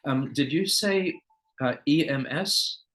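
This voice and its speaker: A man's voice: fairly high pitch, slow pace, fairly bright tone, rough recording. A man interviewing a guest, asking follow-up questions and adding short reactions. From United States. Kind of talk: conversational interview.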